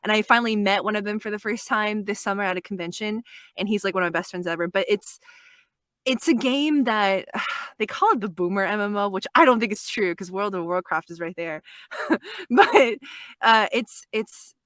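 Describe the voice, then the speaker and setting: A woman in her twenties, a guest voice actress, talking in a quick, animated way in a casual podcast interview and laughing often. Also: mid-range voice, no echo, studio quality. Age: 20s.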